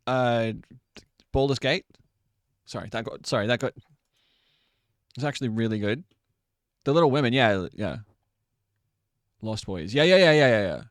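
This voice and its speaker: A man's voice: mid-range voice, lively intonation, normal speed, pauses often, dry recording, clean studio sound. A man in his late twenties or thirties, a streamer chatting casually with his live chat and laughing often. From Australia.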